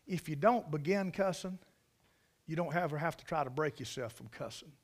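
A man with a fairly high pitch speaks at a normal speed, delivering a folksy sermon in a Carolina Southern accent at a church service. He drawls, tells stories, and makes emphatic asides to the congregation.

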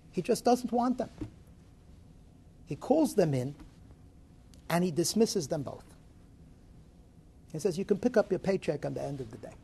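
A man giving a Torah lecture, dramatic and animated, swinging between loud rises and soft drops. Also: fairly high pitch, slightly rough. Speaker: Torah teacher.

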